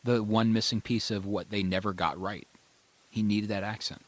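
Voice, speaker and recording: A man's voice: lowish voice, steady tone, moderate pace. A man hosting a casual movie podcast, giving bold, enthusiastic opinions.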